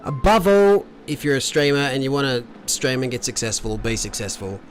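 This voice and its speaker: A man's voice: mid-range voice, normal speed, slight background noise. A man casually commentating an online sim race, chatty and joking. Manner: chatty, joking, giving advice.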